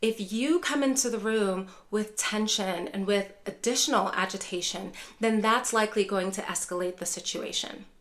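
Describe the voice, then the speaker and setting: A woman's voice: medium pitch, moderate pace, few pauses, fairly bright tone. A woman neuropsychologist teaching dementia caregivers in a direct-to-camera lesson, repeatedly addressing viewers as care partners.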